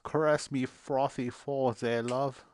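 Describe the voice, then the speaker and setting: A man's voice: mid-range voice, steady tone, a little slow, slight background noise, lightly acted. A man voicing a crude, cheeky man in an exaggerated put-on British accent, as a joke. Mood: flirty. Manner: exaggerated, joking.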